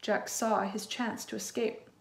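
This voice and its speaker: A woman teacher reading a children's storybook aloud in an expressive way, with asides to her listeners. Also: mid-range voice, measured pace, vocal fry.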